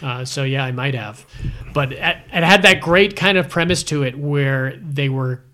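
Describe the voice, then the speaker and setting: A man's voice: medium pitch, unhurried, pushed and bright. A man co-hosting a casual movie podcast, chatty and enthusiastic, often quoting lines from films. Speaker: podcast co-host.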